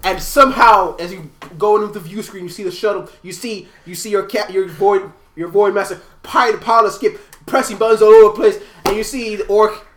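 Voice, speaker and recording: A man narrating a tabletop game as game master, animated and quick to laugh. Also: high-pitched, reverberant. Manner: animated, laughing, does voices.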